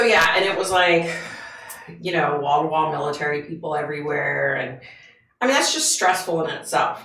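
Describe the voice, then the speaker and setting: A woman's voice: sits low, fairly bright tone, echoey room, poor audio. A woman hosting a casual livestream from the United States, chatting with viewers and greeting them by name, with lots of fillers. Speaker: livestream host.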